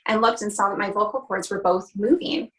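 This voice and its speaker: A woman speaks earnestly as an interview guest. She tells a personal story in a heartfelt way, in a middle-pitched voice, often pausing on "you know" and "um". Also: a bit bright, poor audio. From Canada. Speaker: guest, country singer.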